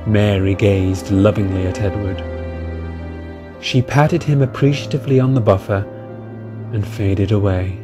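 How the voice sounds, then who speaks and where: A man narrating a storybook tale in a measured, calm way. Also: lowish voice, over music.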